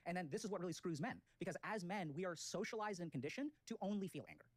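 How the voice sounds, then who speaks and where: A man's voice: high-pitched, lively intonation, fast talker, dry recording. A man arguing his case in a casual debate, throwing rhetorical questions at the others. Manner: rhetorical, quizzes his listener.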